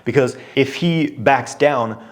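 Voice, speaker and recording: A man's voice: mid-range voice, slow. A man speaking as a relationship coach, talking straight to the viewer in a direct, conversational way, posing pointed questions and using frequent fillers. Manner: poses pointed questions to the listener. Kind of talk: direct-to-camera coaching talk.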